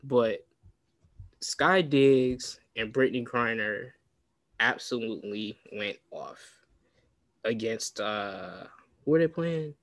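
A man's voice: mid-range voice, slow pace, long pauses, fairly bright tone, no room sound. A man hosting a casual sports talk show, chatty and rambling, with plenty of restarts and fillers. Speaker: podcast host.

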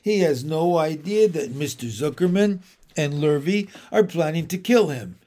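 A man reading a storybook aloud, voicing a knowing, motherly female goose who muses quietly to herself. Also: on the high side, expressive, a little slow.

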